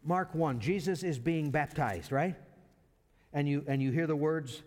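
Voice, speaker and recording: A man's voice: fairly high pitch, measured pace, a little mellow. A man preaching a sermon in a conversational way, often repeating words as he restarts. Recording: reverberant hall.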